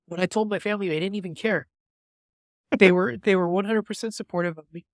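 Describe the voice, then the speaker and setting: A young man's slightly high voice, recorded dry and close with no room sound. He tells a candid personal story as a podcast guest, halting and full of restarts and fillers. He is openly moved and emotional as he talks. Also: fairly even intonation, no echo.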